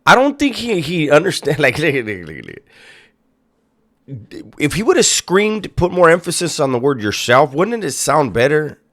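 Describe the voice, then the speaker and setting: A man's voice: fairly high pitch, wildly swooping pitch, moderate pace, a bit bright. A man hosting a reaction video, making sarcastic, profane and mocking commentary. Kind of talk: casual commentary.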